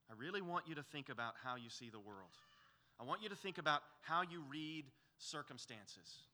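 A man's voice: fairly high pitch, bright, forceful tone. A man preaching an expository sermon as pastor, earnest and pleading, building to emphatic peaks.

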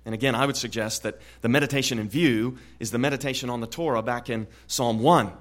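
A man preaching an expository sermon in an earnest way, often repeating words and growing louder on key points. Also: medium pitch, fairly even intonation, brisk. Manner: earnest, frequent word repetitions, swells louder on key points.

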